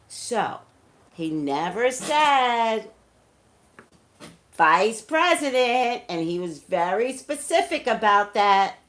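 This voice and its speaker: A woman's voice: fairly high pitch, very animated, slow, a bit bright. A woman, a psychic reader, talking emphatically straight to her viewers in casual live-stream commentary.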